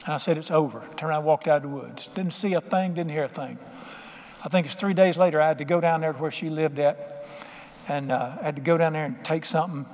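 Middle-aged male preacher, folksy emphatic storyteller, slightly higher voice, reverberant hall. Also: fast talker, darkish tone. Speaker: pastor. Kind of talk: sermon.

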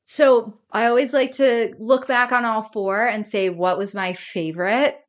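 A woman's voice: a little high, a little slow. Chatty woman co-hosting a podcast. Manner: animated, laughs often, quotes characters. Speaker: podcast co-host. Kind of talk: casual chat.

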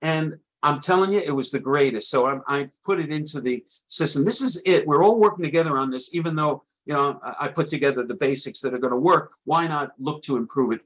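Husky, rambling middle-aged trading coach. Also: male voice, mid-range voice, a bit bright, rough recording. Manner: rambling, stammers and restarts often. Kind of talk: sales pitch for a course.

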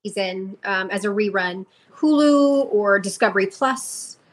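A woman's voice: medium pitch, a little slow. Young woman telling a story with feeling. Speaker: podcast guest. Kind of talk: casual interview.

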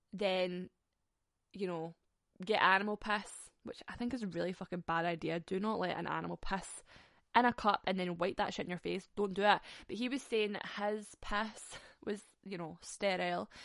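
Young scottish woman, gravelly fry, dry close sound, sweary casual storytelling. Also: medium pitch, no echo. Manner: sweary, laughing, animated.

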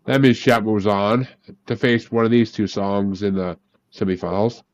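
Lower-voiced male host, swears a lot, keeps an excited group chat moving. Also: moderate pace, dull audio. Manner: profane and enthusiastic. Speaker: podcast host.

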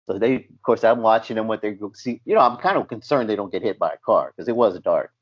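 A man's voice: fairly low pitch, fast, slightly rough. A man telling a story from his work as a paramedic, acting out the quotes. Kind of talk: casual storytelling. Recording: dull lo-fi sound.

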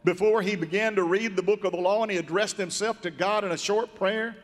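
A man preaching a sermon in a folksy, drawn-out, emphatic way. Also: sits high, steady tone, in a large hall. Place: church sanctuary.

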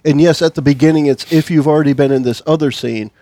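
A man's voice: on the high side, steady tone, fast, warm tone. A man co-hosting a podcast, chatting casually about tabletop games, rambling with restarts and laughing often. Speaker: podcast co-host.

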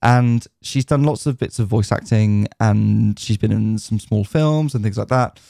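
This British podcast co-host talks casually about gaming, going on at length as he relays news and anecdotes peppered with fillers. His voice is fairly low, gravelly and warm, a touch slow, recorded with studio quality and no room sound.

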